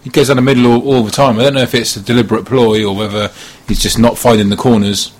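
A man's voice: medium pitch, steady tone, fast. A man co-hosting a casual football podcast, chatting with dry, wry humor. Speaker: podcast co-host.

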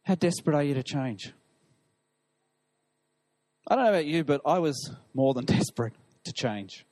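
A man's voice: fairly high pitch, animated, moderate pace, darkish tone. A male pastor preaching an impassioned sermon, reading scripture with emphasis.

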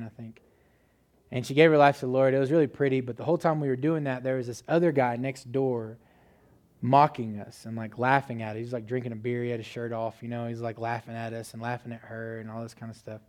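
A man's voice: mid-range voice, a little mellow. A man preaching a sermon in a casual, conversational way, telling a story with many "like" fillers.

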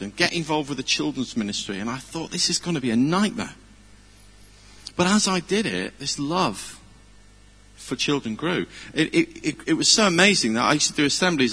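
A man's voice: medium pitch, pushed and bright, husky. A middle-aged man, giving an informal, chatty sermon full of personal stories, earnest and self-deprecating. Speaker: preacher. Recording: long hall reverb.

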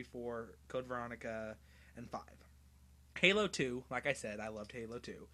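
A young man co-hosting a casual podcast about video games, excitable and laughing often as he tells stories. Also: medium pitch. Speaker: podcast co-host.

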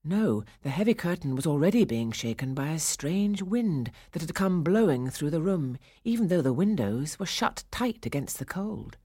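A woman narrating a children's storybook, hushed in quiet passages and rising for the dramatic ones. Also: low-pitched, slightly rough, no room sound, clean studio sound. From England. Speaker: audiobook narrator.

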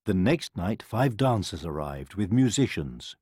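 A man reading a rhyming bedtime story aloud in a sing-song, expressive way. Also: lowish voice, moderate pace, hardly any pauses, husky, dry recording, clean studio sound. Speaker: narrator.

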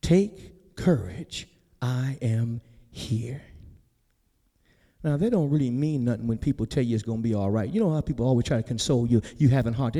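A pastor preaching a sermon in a folksy, conversational way, building to near-shouts and then dropping soft. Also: male voice, medium pitch, animated, brisk, big-room sound. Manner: folksy, conversational, talks straight to the congregation. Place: church sanctuary.

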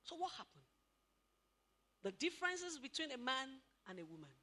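A woman giving an animated talk at a couples' marriage seminar, questioning the audience and acting out what spouses say. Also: sits high, normal speed. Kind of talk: lively motivational talk to an audience.

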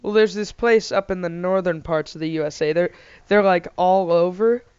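A man's voice: sits high, moderate pace, darkish tone, clear, resonant tone, no room sound. A man chatting casually and jokingly, rambling with lots of fillers. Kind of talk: casual chat. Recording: dull, slightly lo-fi dry mic.

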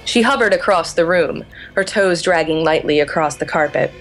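A woman author giving an expressive, measured reading of her own novel. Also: low voice, soft background music, low-quality recording. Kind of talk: fiction reading.

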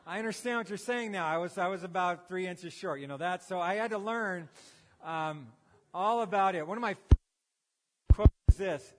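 A fairly high-voiced man in his fifties preaches from a church stage, his light drawl carrying a folksy, self-deprecating storytelling manner. The sound has a long reverb from the church hall around him. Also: moderate pace. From United States. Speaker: pastor. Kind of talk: sermon. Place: church sanctuary. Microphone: handheld or headset microphone.

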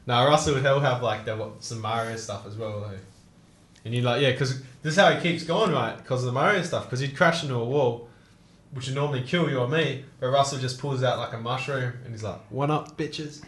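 A man's voice: medium pitch, brisk, fairly bright tone, echoey room. A young man telling stories in casual chat, laughing and swearing often. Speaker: co-host.

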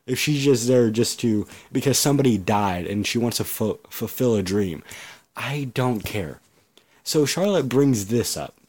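A man's voice: medium pitch, a little mellow. A man hosting a podcast alone, talking in a blunt, ranting way, swearing freely and often restarting his sentences. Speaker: podcast host. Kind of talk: casual solo podcast rant.

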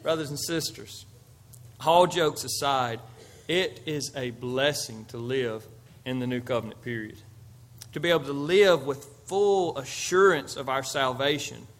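A male pastor preaching a conversational, emphatic sermon that swings from loud to soft. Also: medium pitch, unhurried.

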